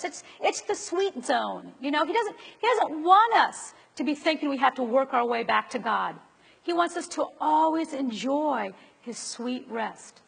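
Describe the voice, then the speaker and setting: High, gravelly woman preaching in a hall. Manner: asks the audience rhetorical questions. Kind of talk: conversational sermon. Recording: long reverb of a large hall.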